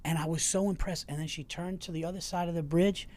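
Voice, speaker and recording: A man hosting a casual podcast, a parent telling relaxed, calm stories about his kids. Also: a little high, quick pace. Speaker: podcast host.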